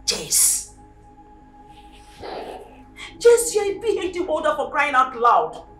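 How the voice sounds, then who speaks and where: A woman's voice: sits high, huge pitch swings, slow, fairly bright tone, faint music behind, full character voice. A Nigerian woman acting a domineering wealthy mother who scolds in repeated bursts. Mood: scornful. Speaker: mother of the house. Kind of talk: film drama acting.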